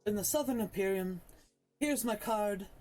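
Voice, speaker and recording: A woman voicing a chatty traveling merchant who thanks everyone at length and fills pauses with ums, over faint music. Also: mid-range voice, dark tone, lightly acted. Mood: friendly. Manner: hesitant, full of ums, effusive thanks.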